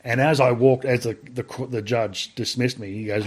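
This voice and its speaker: An Australian man speaking as a podcast guest, recounting events in a loose, blunt style with plenty of swearing. His voice sits at an ordinary middle pitch, and his talk is full of ums and restarts. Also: fairly even intonation, normal speed, breathy edge. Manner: blunt and profane, lots of fillers. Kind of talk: casual storytelling.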